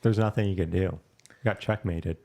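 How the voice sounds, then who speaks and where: A man's voice: deep voice, steady tone, moderate pace, gravelly, warm tone. A man co-hosting a podcast, chiming in with short quips and laughter during a casual reality-show recap. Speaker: podcast co-host.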